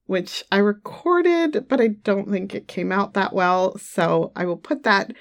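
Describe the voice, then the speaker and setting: An adult audio creator gives her listeners a casual monthly update from a studio mic at home, her mid-range voice unhurried. She's chatty and giggly, trailing off into fillers, and her nose is slightly runny.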